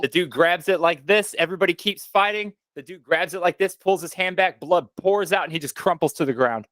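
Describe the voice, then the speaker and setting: Male co-host, rambling storyteller, higher pitch, dry mic. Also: brisk, a bit bright, dry recording. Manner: rambling storyteller, swears freely. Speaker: podcast co-host. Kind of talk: casual chat.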